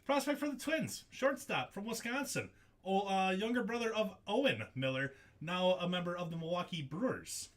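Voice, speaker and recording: A man hosting a live card break, excitable and jokey, laughing often as he calls out hits. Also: sits high, moderate pace. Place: studio.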